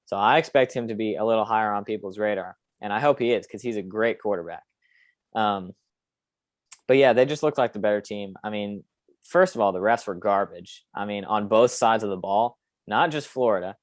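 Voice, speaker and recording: A man's voice: lowish voice, moderate pace, dry recording. A young man hosting a casual sports podcast, opinionated and rambling with lots of fillers. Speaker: podcast host.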